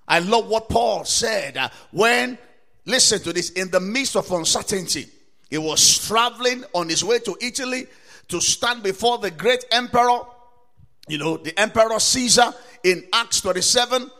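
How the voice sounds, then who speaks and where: A man preaching a sermon to listeners, asking rhetorical questions again and again, citing scripture verses and building up to emphatic shouts. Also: high voice, animated, normal speed. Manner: quotes and cites scripture verses. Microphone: recorded for broadcast to listeners or viewers.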